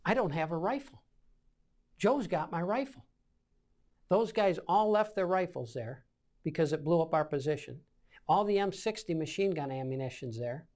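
A man's voice: a little high, lively intonation, moderate pace, a little mellow. A man in his seventies, a war veteran, recounting combat memories in an oral-history interview, acting out scenes with sound effects. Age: 70s.

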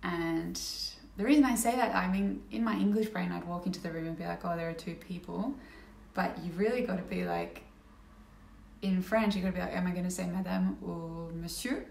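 Chatty young woman with a gravelly edge. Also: on the low side, a little fast, darkish tone, far from the mic, a little hiss or hum. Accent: Australian. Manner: chatty, rambling, many fillers and restarts. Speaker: vlogger. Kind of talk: casual chat to camera. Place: indoor room at home. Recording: echoey room, slightly off-mic.

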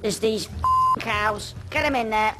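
A woman's voice: on the high side, wildly swooping pitch, unhurried. A woman voicing a coarse, brusque male dung beetle in a video game cutscene. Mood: gruff. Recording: game audio with music behind.

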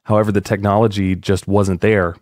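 A man's voice: lowish voice, flat delivery, fairly quick, a little mellow, dry recording, studio quality. A man co-hosting a casual podcast, telling history in a rambling, joking way. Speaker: podcast co-host.

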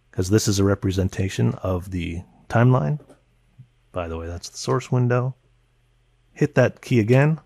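A man teaching a software editing tutorial, naming keyboard shortcuts in short clipped bursts as he demonstrates. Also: fairly low pitch, no echo. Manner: calls out key names in short clipped bursts. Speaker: video editing instructor. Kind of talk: screen-recorded software tutorial.

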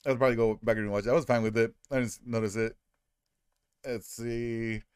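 A man in a casual podcast chat, rambling through a film recap with laughs and quick put-on voices for the characters. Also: mid-range voice, fairly even intonation, clear, resonant tone, no echo, studio quality. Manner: rambling, laughing, acting out lines. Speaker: podcast co-host.

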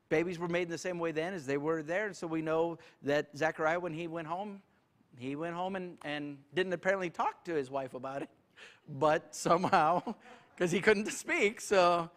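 A man's voice: high-pitched, fairly bright tone. A male pastor, leading a church Q&A in a folksy, joking way. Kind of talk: church Q&A teaching.

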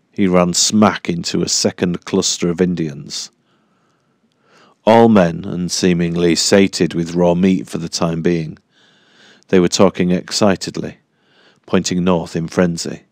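A man reading a horror audiobook in a measured, deliberate storytelling manner. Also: low-pitched, creaky, darkish tone, no echo, studio quality. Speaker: audiobook narrator. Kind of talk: scripted horror narration.

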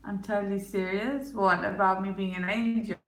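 Though she has a headache, this livestreamer stays playful, reading messages from chat out loud, teasing her viewers and laughing a lot in a non-American accent. She speaks at normal speed with a steady, medium-pitched tone, and the low-quality audio is echoey with a little hiss or hum.

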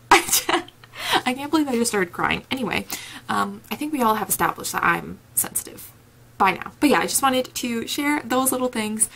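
A woman's voice: on the high side, expressive, fairly quick, vocal fry, a bit bright, a little hiss or hum. A young woman chatting casually in a reading vlog from home, giggly and gushing, on a camera mic. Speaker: book vlogger.

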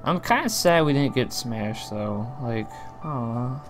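A young man reacting live to a video presentation, excitable, shouting, swearing and gasping. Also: mid-range voice, slow pace, faint music behind.

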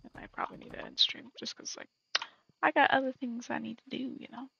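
Woman streamer, casual gameplay chatter, gravelly raspy tone, muffled lo-fi audio. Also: a little high, steady tone, quick pace, no echo. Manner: mutters to herself, drifting into soft whispers. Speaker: game streamer. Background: faint game music.

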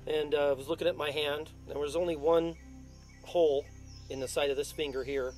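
A man's voice: on the high side, steady tone, brisk, darkish tone, soft background music. A man casually telling the story of his rattlesnake bite in an interview, rambling with many fillers. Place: outdoors in the desert.

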